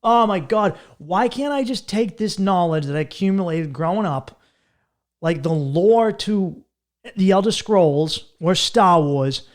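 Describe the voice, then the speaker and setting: Brief: man, podcast host doing a solo comedic rant, quick and crude, slips into mocking voices, voice sits a bit high. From Massachusetts. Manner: profane, fast-talking, jumps into mocking voices.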